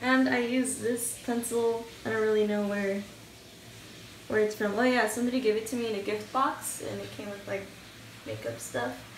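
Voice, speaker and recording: A woman's voice: medium pitch, animated, normal speed, slight background noise. A young woman with a morning voice, chatting casually and a bit hesitantly through her makeup routine at home. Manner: chatty, hesitant, thinking aloud. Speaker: beauty vlogger. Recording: echoey room, mic at a distance. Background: shower running in another room.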